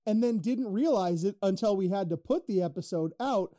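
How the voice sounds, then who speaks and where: A man's voice: high-pitched, lively intonation, normal speed, mellow, no echo. A man co-hosting a podcast in casual, profane banter, arguing and laughing, close on the mic. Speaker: podcast co-host.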